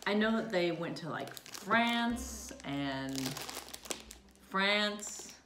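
A woman's voice: medium pitch, expressive, very slow. A middle-aged woman from Minnesota hosting a casual food review chat, chatty and laughing often. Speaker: host. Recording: echoey room with background music.

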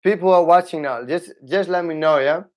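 A young man, a capoeira teacher, chatting casually on a livestream, halting and restarting his sentences often. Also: fairly high pitch, darkish tone. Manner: halting, with many restarts and fillers. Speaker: capoeira instructor.

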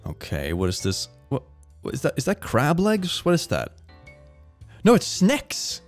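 A young man giving a jokey, excitable reaction commentary, often gasping and laughing. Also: mid-range voice, unhurried, creaky, soft background music. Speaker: reaction video host.

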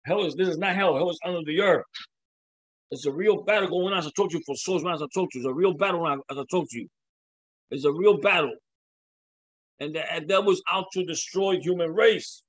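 An impassioned male preacher with a voice pitched a little above most men's. He preaches in loose, repeating bursts, stumbles over his words, and slips in casual slang. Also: a little fast, fairly bright tone, rough recording. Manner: casual slang like "man" and "bro". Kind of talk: sermon.

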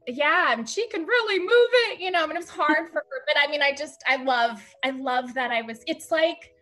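A woman podcast guest telling a personal story in a halting way, with many fillers, close to tears. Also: high voice, animated, pushed and bright, soft background music. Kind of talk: emotional conversational storytelling.

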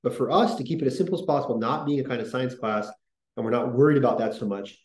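A man's voice: mid-range voice, fast talker, a little mellow, reverberant, low-quality recording. A man hosting a podcast, talking in a casual, rambling way with many fillers and restarts. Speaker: podcast host.

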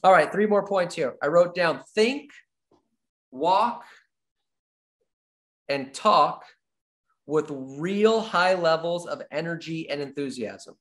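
A man giving an energetic sales training talk, repeating his key points like a coach and acting out little dialogues with clients. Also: on the high side, slow pace, long pauses. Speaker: real estate sales trainer.

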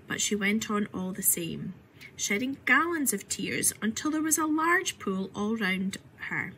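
A woman reading a children's story aloud in an expressive way, often softening to a whisper. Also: medium pitch, measured pace, slight background noise, rough recording. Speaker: reader.

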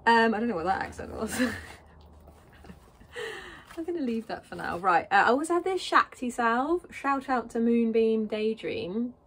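A woman's voice: fairly high pitch, expressive, moderate pace, husky. A British woman vlogging in a casual, rambling way, thinking aloud as she packs. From Britain. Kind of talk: casual chat while packing.

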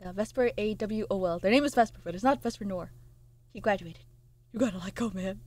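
A young woman streamer chatting casually with her viewers, reading out chat messages and swearing, excitable. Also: medium pitch, a little fast.

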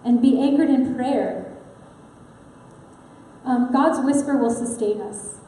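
A woman's voice: high-pitched, takes it slowly, mellow. A woman preaching an earnest, personal sermon in a church sanctuary, talking conversationally with frequent fillers. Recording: echoey hall with long reverb.

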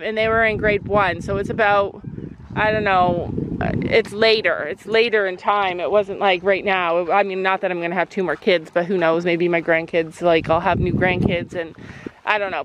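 A woman's voice: medium pitch, background noise. A middle-aged woman and mother, chatting in a casual vlog while she stands outside by a horse, rambling through her story with lots of fillers. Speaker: vlogger, mother. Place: outdoors by a horse near a road.

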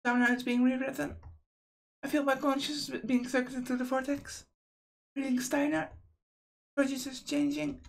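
A woman's voice: high voice, flat delivery, moderate pace, gravelly. A woman hosting a game playthrough, reading visual novel narration aloud in an earnest, emotional first-person way. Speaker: let's play host.

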